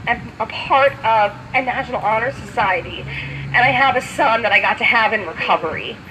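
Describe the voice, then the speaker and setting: A woman's voice: fairly high pitch, noisy background. Earnest woman telling her recovery story. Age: 30s. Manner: heartfelt, conversational, full of "you know" fillers. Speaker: speaker sharing a recovery story. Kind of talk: personal testimony speech. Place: outdoor community event.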